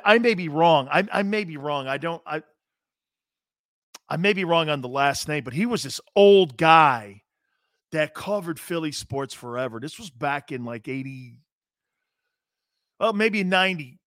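A middle-aged man hosting a sports talk show, talking loudly and excitably, rambling with many restarts. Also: a little high, no echo, studio quality. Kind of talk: casual radio talk show chat.

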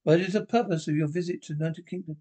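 Brief: fussy border officer, prim and officious. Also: male voice, high-pitched, normal speed. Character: stuffy British immigration officer, fussy. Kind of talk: 1970s film comedy acting.

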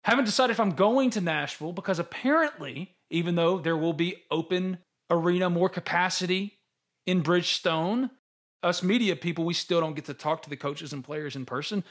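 A high-pitched man hosting a sports podcast. He talks in a lively, joking way and teases his co-host as they chat about college sports. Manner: animated, joking, quick to tease. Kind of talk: casual sports talk.

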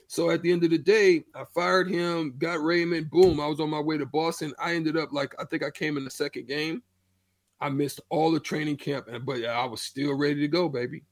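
A middle-aged man spins a story from his playing days in a loose, animated way, full of slang. His voice sits a little high. The sound is dry and close. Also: normal speed, no room sound. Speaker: former pro basketball player, show regular. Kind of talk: casual storytelling chat.

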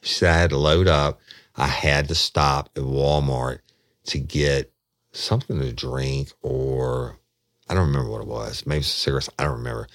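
A man's voice: extremely low pitch, no room sound, studio quality. A man casually recounting a detective case, rambling off into road directions and swearing freely. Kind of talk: casual spoken storytelling.

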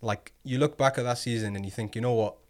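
A man hosting a relaxed football podcast chat, teasing his friends with trivia. His voice sits at a middling pitch, and he stretches his prompts out as he talks. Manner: quizzing co-hosts, teasing, drawn-out prompts. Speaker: podcast host.

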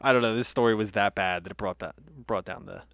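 A man's voice: lowish voice, quick pace, vocal fry, fairly bright tone, no room sound, studio quality. A man co-hosting a casual podcast, easygoing as he reads listener reviews aloud. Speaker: podcast co-host. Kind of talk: casual chat.

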